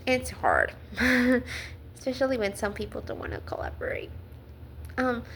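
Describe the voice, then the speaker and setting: A woman speaks to camera in a personal vlog, slow and unhurried, her voice sitting a little high. She talks earnestly, stopping and restarting often with fillers. A faint hum of ambience sits behind her. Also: sharp tone. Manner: earnest, halting, many fillers and restarts, nervous laughs. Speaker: vlogger.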